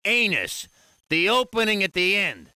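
A man voicing a crusty, sleazy male bacteria germ in a 1990s edutainment game, drawling slowly. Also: high-pitched, huge pitch swings, bright, forceful tone, dry recording, studio quality, full character voice. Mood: explaining. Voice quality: crusty, gravelly voice. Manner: slow drawling sleazy delivery.

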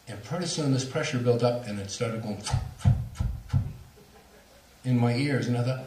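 A man's voice: mid-range voice, normal speed, long pauses, far from the mic, slight background noise. Man telling a story in a roomy hall. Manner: animated, laughing storyteller. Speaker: lecturer on near-death experiences. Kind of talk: storytelling at a talk.

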